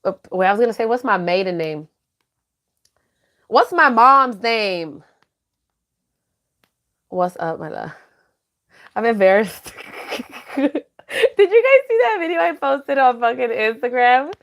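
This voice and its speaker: Laughing woman podcaster, casual chat. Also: a little high. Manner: laughs often, drops Spanish words. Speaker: podcast co-host. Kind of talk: casual chat reading live comments.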